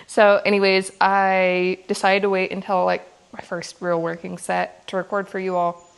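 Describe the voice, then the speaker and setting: A young woman talks casually through her leg day in a home gym, a little breathless between sets. She chats easily and laughs often, with a pitch right in the middle for a woman. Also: little pitch movement, a little slow, vocal fry, clear, resonant tone. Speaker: fitness vlogger. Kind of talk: casual workout vlog.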